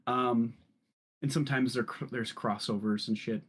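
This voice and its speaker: A man's voice: mid-range voice, fairly even intonation, moderate pace, breathy edge. Casual man running a tabletop game. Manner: casual, many fillers like um and kinda. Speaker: game master.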